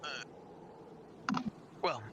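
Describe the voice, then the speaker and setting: A man's voice: extremely slow, background noise. A man narrating as game master in a rambling, laid-back way, full of fillers.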